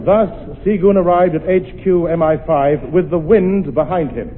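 A man's voice: high voice, normal speed, very noisy. A man announcing a 1950s radio comedy in a formal, mock-grand manner. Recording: tinny old radio broadcast with reverb and music.

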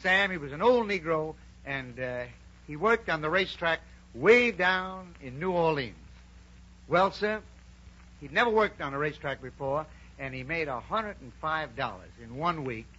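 A man's voice: a little high, lively intonation, normal speed, bright, forceful tone, breathy edge. Jovial man on old radio. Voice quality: jovial, folksy storytelling. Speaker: comedy show host and storyteller. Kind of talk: 1930s radio comedy. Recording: dull lo-fi old radio recording with hum.

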